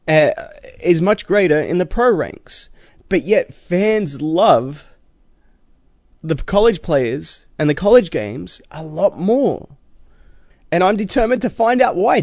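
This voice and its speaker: A man's voice: sits high, a little mellow, dry recording, clean studio sound. A man hosting a sports podcast, talking in a rambling, emphatic way. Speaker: podcast host. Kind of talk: casual sports podcast chat.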